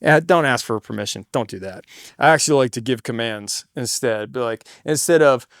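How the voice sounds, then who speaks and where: A man's voice: mid-range voice, brisk, dry recording, studio quality. A man who sings in a cover band, giving casual, slangy advice on stage presence and swearing freely. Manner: demonstrates stage patter by suddenly getting loud.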